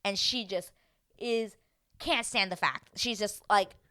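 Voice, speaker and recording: A woman's voice: medium pitch, slow pace, pushed and bright. A young woman hosting a casual reality-show recap, chatting loosely, acting out quotes and swearing now and then. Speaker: TV recap host.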